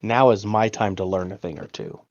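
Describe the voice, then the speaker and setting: A man's voice: lowish voice, fairly even intonation, fairly quick, darkish tone, muffled recording. A man playing in a tabletop role-playing game, tired and hesitant, often trailing off mid-sentence. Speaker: player. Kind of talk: casual tabletop game chat.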